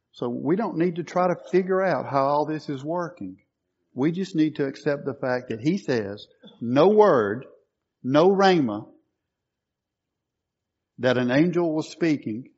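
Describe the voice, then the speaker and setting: A man's voice: medium pitch, darkish tone, muffled recording. A man preaching a sermon, quoting scripture and stressing key words emphatically.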